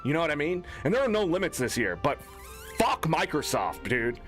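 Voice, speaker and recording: A young man streaming a game, ranting angrily and cursing, swinging between low mutters and loud outbursts. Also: sing-song, brisk, soft background music. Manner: profane, exasperated ranting with swings in pitch. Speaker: gaming streamer. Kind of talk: angry off-the-cuff stream rant.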